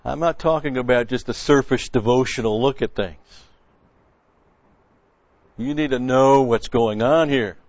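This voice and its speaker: A man's voice: medium pitch, measured pace, pauses often, a little mellow, no room sound, dull audio. Folksy, blunt male preacher. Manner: folksy, blunt, with frequent restarts and scripture quotes. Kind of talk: conversational sermon.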